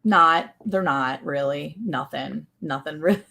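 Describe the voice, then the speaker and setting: Southern lady chatting on a ranch livestream, kinda low voice, laughs a lot, reads comments out. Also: very animated, slow pace, gravelly, sharp tone. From American South. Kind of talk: casual livestream chat.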